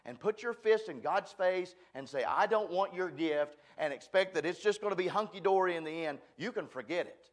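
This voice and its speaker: A man's voice: sits high, expressive, fairly quick, hardly any pauses. A man preaching a sermon at a church, folksy and emphatic, joking at his own expense. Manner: folksy, emphatic, self-deprecating. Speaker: guest preacher.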